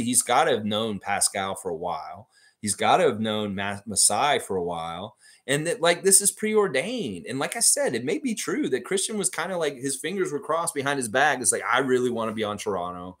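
Chatty, excitable male livestream host. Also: mid-range voice, husky. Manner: chatty and excitable, laughs readily, rambling asides. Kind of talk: casual chat, reading out live comments.

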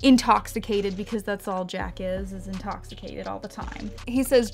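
Doing her makeup on camera, this beauty vlogger tells a meandering story, interrupting herself, going off on tangents, and cursing freely in a chatty way. Her mid-range voice is gravelly and darkish, with a steady tone, moderate pace, and few pauses. Faint music sits behind her.

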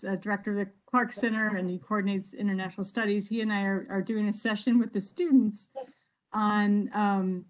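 A woman who directs an international office, moderating an online panel and talking with many pauses and restarts. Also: mid-range voice, darkish tone, poor audio. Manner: hesitant, many ums and restarts.

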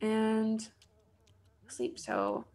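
A slightly high, somewhat mellow female voice stretches out words and swings broadly in pitch. She hosts a gaming channel, likely in her thirties, and narrates a casual let's play with chatty, wry self-talk while building.

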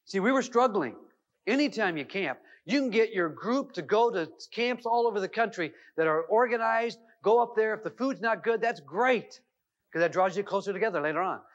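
A man's voice: sits high, normal speed. A middle-aged man giving a self-help seminar talk, telling a comic family story with lots of fillers. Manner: animated, comic anecdotes with many fillers. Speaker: seminar speaker. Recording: dull lo-fi 1990s videotape sound.

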